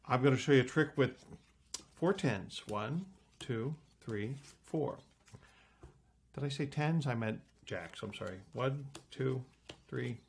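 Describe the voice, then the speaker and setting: A middle-aged man lecturing on card magic, playfully acting out his patter with big jumps in pitch. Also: takes it slowly, creaky, slight background noise.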